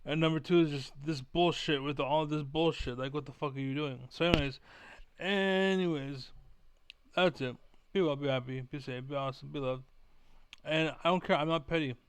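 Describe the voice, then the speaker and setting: A man's voice: a little high, fairly even intonation, a little fast, clear, resonant tone, no room sound. A young man ranting profanely to camera as a gaming vlogger, repeating himself as he vents. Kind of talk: angry rant to camera.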